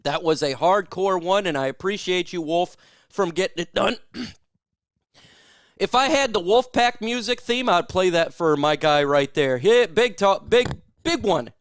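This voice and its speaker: A man hosts a live sports stream in casual, hype-driven chat, bursting into whoops and shouts for his viewers. His voice sits fairly high and comes through smooth and clear. The close mic leaves almost no room sound. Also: expressive, unhurried, no room sound.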